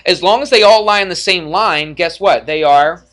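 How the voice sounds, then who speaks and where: A male math teacher lecturing a class in a classroom, energetic and jokey, often checking in with the students. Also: high voice, moderate pace. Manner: energetic, jokey, asks frequent check-in questions.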